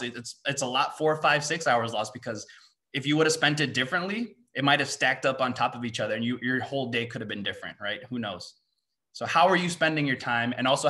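A sharp-toned, mid-range male voice belongs to a young mindset coach speaking at a student seminar. He peppers the room with fast rhetorical questions and often caps his points with "right?"

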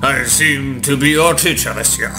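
A man voicing a sleepy, rambling male bird who teaches math, with a gravelly drawl. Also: mid-range voice, moderate pace, lightly acted. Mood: drowsy. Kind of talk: game dialogue read aloud. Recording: game music behind.

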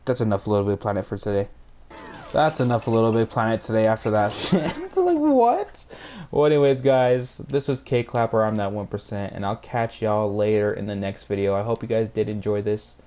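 A man's voice: fairly low pitch, animated, normal speed. A young man giving loose, profane running commentary as he plays a video game, talking to his viewers. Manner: loose, profane, reacting out loud with laughs. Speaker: gaming YouTuber. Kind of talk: casual gameplay commentary. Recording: game music under voice. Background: game music.

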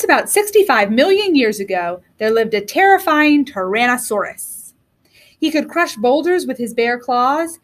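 A woman teacher reading a storybook aloud to young children in an expressive, animated way. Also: high-pitched. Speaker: kindergarten teacher.

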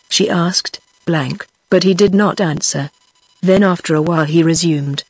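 A synthetic woman's voice with a British English accent, narrating an audiobook in an even, flat delivery. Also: on the low side, unhurried, husky, dry recording. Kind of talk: text-to-speech book reading.

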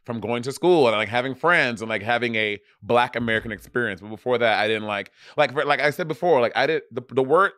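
A man's voice: medium pitch, fast, hardly any pauses, fairly bright tone, no echo, studio quality. A man from Saint Lucia co-hosting a podcast, chatty and profane, with lots of filler words. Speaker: podcast co-host. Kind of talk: casual chat.

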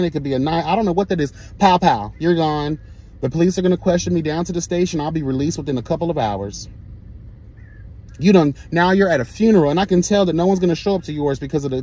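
A man's voice: fairly high pitch, breathy edge. Sassy, profane man ranting. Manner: profane, sassy, animated storytelling. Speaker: vlogger. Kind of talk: storytime rant.

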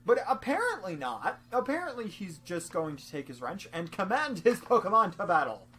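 A woman's voice: on the low side, big pitch swings, brisk, fairly bright tone, slightly rough. A young woman doing goofy, rambling let's-play commentary with frequent laughs, over faint game music. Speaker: game streamer.

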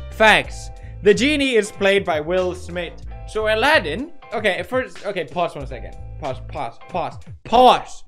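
A man's voice: sits high, very animated, measured pace, a bit bright, soft background music. A young man hosting a comedic meme-reaction show, exclaiming, laughing and mock-outraged as he reacts. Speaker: host.

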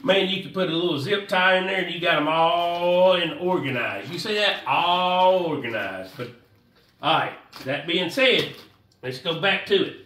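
A man's voice: on the high side, normal speed, bright, forceful tone, echoey room, far from the mic. A man giving a casual, rambling fishing how-to, repeating himself in a folksy way. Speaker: fishing vlogger.

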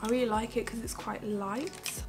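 A woman's voice: fairly high pitch, steady tone, normal speed, over music. A woman beauty vlogger talking her viewers through her makeup in a chatty, rambling way, filling her speech with "like". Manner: chatty, rambling, heavy use of "like". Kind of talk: casual get-ready-with-me chat.

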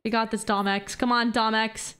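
Woman streamer w/ a slightly high voice, reading chat mid-match, kinda sick and low energy, swears a bit. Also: level tone, moderate pace, a bit bright. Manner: casual, swears, talks to chat between plays. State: feeling unwell, low energy. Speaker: VTuber streamer. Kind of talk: live game stream, reading chat aloud.

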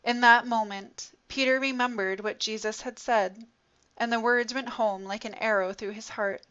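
A woman narrates a story with expressive, dramatic delivery. Her voice is fairly high, and the recording sounds dull and lo-fi. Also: normal speed.

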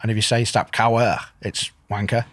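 A man's voice: on the low side, level tone, a bit bright, no room sound, clean studio sound. A young man, a gym owner guest, telling stories in a casual, rambling way with many restarts. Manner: fast, rambling storyteller with restarts. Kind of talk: casual conversation.

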